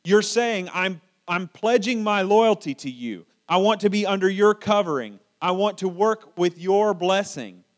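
A pastor with a strikingly high-pitched voice gives a sermon in a relaxed, conversational style, frequently stumbling and repeating words as he searches for phrasing. He comes across as middle-aged and fatherly, speaking at a measured pace with hardly any pauses.

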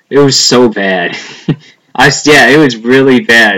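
A man's voice: lowish voice, lively intonation, normal speed, bright, forceful tone, poor audio. A young man chatting casually as a podcast co-host, rambling and profane, trailing off with a lot of "like". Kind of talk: casual chat.

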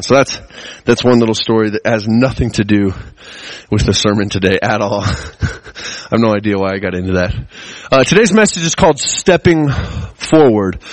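A man giving a sermon as guest preacher, opening with a casual personal story. He rambles, restarts and chuckles often, and swings between excited and hushed. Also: mid-range voice, no room sound, rough recording.

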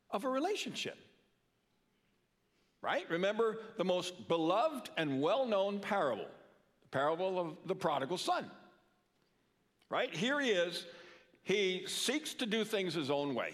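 A man's voice: high voice, a bit bright. An older man preaching a sermon in a church, earnest, often repeating words for emphasis. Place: church sanctuary. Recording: long reverb of a church hall.

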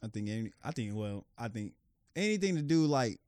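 A man co-hosting a podcast in casual chat, animated and argumentative, swearing freely. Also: medium pitch, a little fast, smooth, no room sound, studio quality. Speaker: podcast co-host.

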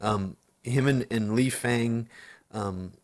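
A man's voice: mid-range voice, slow. A man talking politics in casual chat, swearing freely and restarting his sentences as he thinks. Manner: casual, profane, rambling with restarts.

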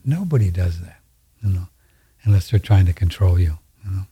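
A man's voice: deep voice, brisk, mellow, breathy edge. A man hosting a radio show, talking in a folksy, rambling way and often repeating himself. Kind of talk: casual conversation.

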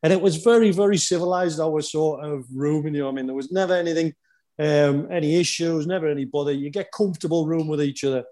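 A man with a slightly higher-than-average voice tells animated dressing-room stories in a casual chat. He hosts the conversation and chuckles as he goes. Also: fast talker. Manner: animated anecdotal storyteller, chuckles often. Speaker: podcast host and former footballer.

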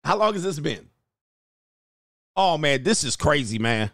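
A man's voice: a little high, big pitch swings, a little slow, gravelly, a bit bright, no echo, clean studio sound. A man hosting a show, chatting casually as he reads viewer comments aloud, exclaiming and laughing often. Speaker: host and coach.

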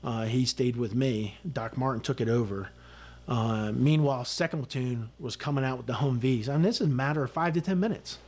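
A man's voice: medium pitch, a little fast, a little mellow. A middle-aged man, a retired Army sergeant major, recounting a combat story as a podcast guest in blunt, vivid words with frequent fillers and swearing.

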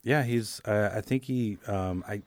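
A man's voice: on the low side, a little slow, darkish tone, no echo. A man co-hosting a podcast in casual chat, making laid-back, dry remarks. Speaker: podcast co-host.

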